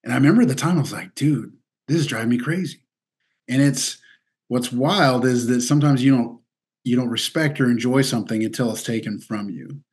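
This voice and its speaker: A man from Missouri, telling stories in a loose, casual way as an interview guest. His voice sits at an ordinary mid pitch, and he laughs often and drops "dude" and "like" throughout. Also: a little fast, a little mellow. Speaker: guest athlete.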